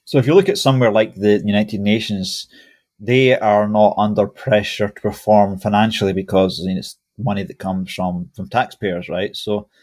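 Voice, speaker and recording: A man's voice: fairly low pitch, steady tone, normal speed, darkish tone. A man hosting a podcast interview over a call, casual and hesitant, often restarting his sentences. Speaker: podcast host. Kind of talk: conversational interview. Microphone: video call.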